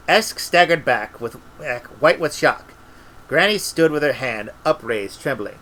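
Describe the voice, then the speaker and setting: A man reading a story aloud in a relaxed way, with restarts and little asides. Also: on the high side, a little slow, rough recording. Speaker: audiobook reader.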